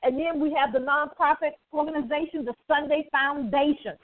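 A woman's voice: sits high, steady tone, brisk. A woman hosting a Christian radio talk show, exuberant and preachy, laughing often and calling out "amen". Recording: tinny phone-like line.

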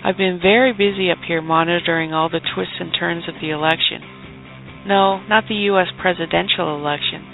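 A man's voice: high-pitched, steady tone, fairly quick, gravelly, voice pushed up. A man voicing a brash, flirty Canadian woman bureau chief who says "eh" and "hosers" in a mock news report. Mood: cheeky. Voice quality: exaggerated Canadian "eh" and "hosers" talk. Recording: tinny phone-like sound with faint music.

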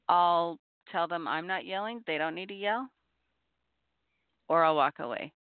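A middle-aged woman speaks in an earnest, measured way, repeating her key points as she gives advice. Her voice has a gravelly edge. The sound is tinny and dry, like a phone line with no room around it. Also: lowish voice, dry recording. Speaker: podcast host on abuse recovery. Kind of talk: reflective advice talk.

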